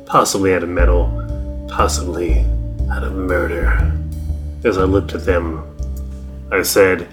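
A man doing a jaded noir detective, low and slow. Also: fairly even intonation, music in the background. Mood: world-weary. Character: jaded hardboiled male detective, gruff and world-weary.

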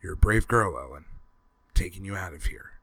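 A tough, protective soldier, voiced by a man reading aloud, talking in a deep, low voice. He is firm and reassuring. The recording is dry and close, like an audiobook. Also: lively intonation, moderate pace, bright, forceful tone, husky, no echo, heavily acted. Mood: hushed. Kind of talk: audiobook character voice.

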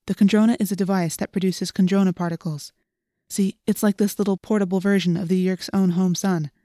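A woman's voice: mid-range voice, steady tone, brisk, mellow, dry recording, studio quality, lightly acted. A woman voicing an earnest teenage boy who talks eagerly about flying, read as part of an audiobook. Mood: explaining. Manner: enthusiastic, earnest. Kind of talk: audiobook reading.

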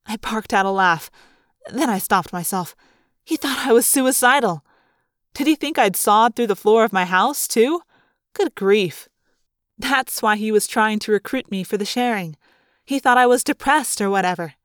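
A woman narrating a first-person story aloud as a fan audiobook reader, with a lively, expressive delivery. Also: a little high, moderate pace, clean tone, dry recording, clean studio sound.

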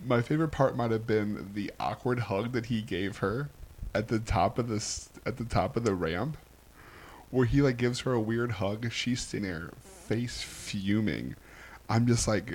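A man's voice: on the low side, normal speed, a little mellow, a little hiss or hum. Man recapping with a chuckle. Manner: recapping events, laughing often. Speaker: podcast co-host. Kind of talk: casual chat.

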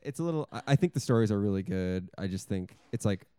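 A man's voice: fairly low pitch, expressive, fast, dark tone, smooth. A man co-hosting a casual podcast chat, hesitant and trailing off with fillers. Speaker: podcast co-host.

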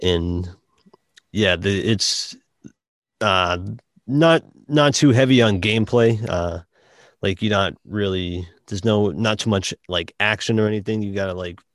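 A man with a Boston accent chatting casually about a game, halting with many restarts and fillers. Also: on the low side, dry recording, clean studio sound. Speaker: podcast guest reviewing a game. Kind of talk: casual chat.

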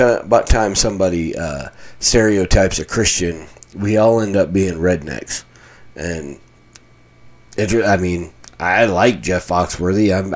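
A low-pitched man from Colorado talks on his own in a casual podcast monologue. He is a pastor recording in a small basement room, and his delivery is chatty, wry and often self-mocking.

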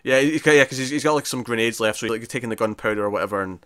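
Fast-talking man, bright dry voice. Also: mid-range voice, clean tone, dry recording. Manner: animated, quotes lines in a shouted impression. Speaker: podcast co-host. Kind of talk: casual film review chat.

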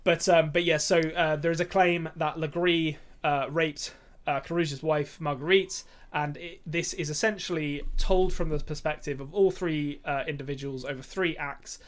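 Higher-voiced chatty podcast man. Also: fairly even intonation. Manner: chatty, with frequent ums and quick bursts. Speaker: podcast co-host. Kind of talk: casual film-review chat.

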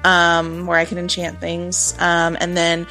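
A woman's voice: on the low side, completely flat delivery, measured pace, bright, forceful tone, faint music behind. A woman playing a tabletop game, describing her character's actions in a rambling way with many fillers. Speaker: player.

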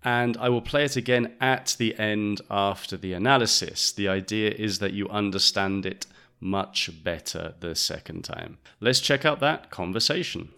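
A male podcast host teaching English with a fairly low voice. He is patient and methodical, explaining step by step and repeating phrases slowly so learners can follow. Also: gravelly, bright, forceful tone, smooth.

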